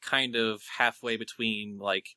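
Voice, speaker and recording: A man running a tabletop role-playing game as game master, chatty and quick to laugh. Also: on the low side, steady tone, sharp tone, no echo.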